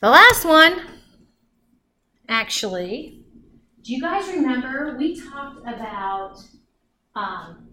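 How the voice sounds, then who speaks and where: A woman's voice: high voice, animated, slow pace, long pauses, bright, forceful tone, far from the mic, a little hiss or hum. Woman teaching astronomy in an echoey classroom. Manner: chatty, restarts often, acts out orbits with sound effects. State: out of breath. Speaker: astronomy instructor. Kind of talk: classroom lecture. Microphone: far from the mic. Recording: echoey classroom recorded from afar.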